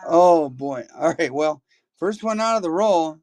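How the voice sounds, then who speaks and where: Man hosting a live coin auction, excitable and gushing, slightly high voice, soft music underneath. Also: unhurried. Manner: excited, exclaiming over coins. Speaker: livestream auction host.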